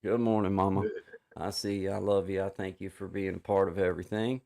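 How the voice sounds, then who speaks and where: A man hosting a casual livestream chat over a video call, rambling with many restarts and fillers and giving warm shout-outs to viewers. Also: deep voice, little pitch movement, a little fast, gravelly. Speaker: livestream host.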